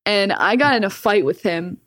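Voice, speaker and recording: A woman's voice: mid-range voice, expressive, moderate pace, fairly bright tone. A woman chatting casually, telling a story, swearing freely, laughing often and acting out the lines she quotes. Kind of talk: casual chat.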